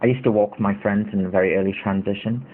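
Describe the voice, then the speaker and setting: A man's voice: lowish voice, fairly even intonation, fast talker, a little hiss or hum. A man in his thirties hosting a casual livestream, rambling and indignant, with lots of fillers. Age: 30s. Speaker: livestream host. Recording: tinny phone-like audio.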